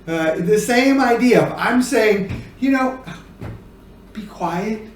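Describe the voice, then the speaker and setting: Middle-aged male teacher, casual and animated, loud bursts for examples; recorded at a distance in an echoey room. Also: extremely high pitch, measured pace. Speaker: sign language teacher.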